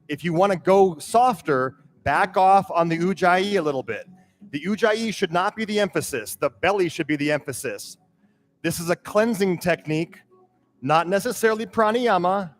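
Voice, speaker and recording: A man teaching a guided breathwork class, giving calm, steady cues and counting breaths aloud. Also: sits high. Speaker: yoga and breathwork instructor. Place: yoga studio. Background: drum beat music.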